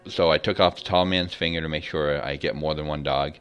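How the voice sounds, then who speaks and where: A man's voice: extremely low pitch, steady tone, brisk, fairly bright tone, smooth. A man co-hosting a casual gaming podcast, easygoing and explaining game details at length. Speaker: podcast co-host.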